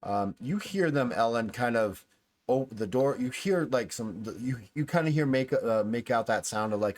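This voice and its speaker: A man's voice: medium pitch, expressive, normal speed. A man narrating as game master of a tabletop game, in a casual, rambling way.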